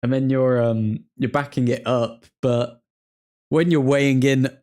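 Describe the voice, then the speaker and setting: A man's voice: medium pitch, steady tone, unhurried, a little mellow. A young man hosts a live football watchalong, chatting casually and replying to viewers' messages. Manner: chatty, reacting to the game and replying to chat. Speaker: livestream host.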